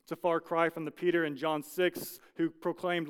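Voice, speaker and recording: A man gives a sermon in an earnest, storytelling manner, slowing down for emphasis. His voice is smooth and resonant and sits a little higher than most men's. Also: level tone. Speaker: pastor.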